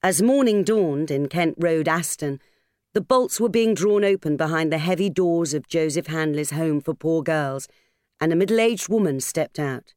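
A woman reading an audiobook in a measured, expressive narration, recorded on a studio microphone. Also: low voice, no echo. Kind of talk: scripted narration.

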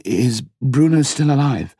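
A shaken husband who keeps his voice soothing and steady, as a male narrator plays him close to his own voice. The recording is dry and close, and the lines move with lively pitch. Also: a little slow, husky, no room sound. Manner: soothing, trying to stay calm.

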